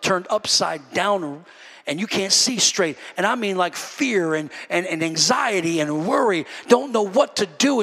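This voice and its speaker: Fervent high-voiced preacher in echoey hall. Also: male voice, a bit bright, slightly rough. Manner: fervent, emphatic, folksy asides. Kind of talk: sermon.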